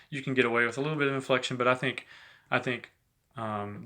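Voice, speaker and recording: A man giving a relaxed, chatty saxophone lesson, talking between played examples and filling his talk with "you know". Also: medium pitch. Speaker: saxophone teacher. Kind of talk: casual instructional talk between playing examples.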